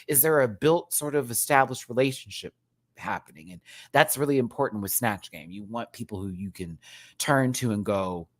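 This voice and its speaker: Sassy, animated man ranting. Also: medium pitch, moderate pace. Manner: sassy, animated, drops into mock voices; laughs often. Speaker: show reviewer. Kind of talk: casual rant-style review.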